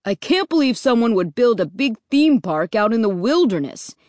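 A woman's voice: a little high, sing-song, normal speed, darkish tone, dry recording, clean studio sound. A woman reading a children's story aloud and voicing an irritable father who snaps at his kids from the driver's seat. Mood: grumbling. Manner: snappish, grumbling. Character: irritable harried father driving the family car. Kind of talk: audiobook reading.

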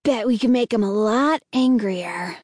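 A woman's voice: fairly high pitch, a little slow, a little mellow, no room sound, clean studio sound. A woman playing scornful scheming boy. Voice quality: scoffing, challenging.

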